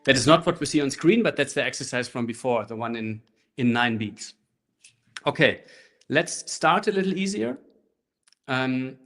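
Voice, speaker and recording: A man leads an online handpan workshop, talking through rhythm patterns in an easy, explanatory way. His voice sits at an ordinary middle pitch and comes through a laptop microphone, with faint handpan music behind him. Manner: relaxed, explanatory, chanting rhythm syllables. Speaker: handpan teacher. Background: handpan playing.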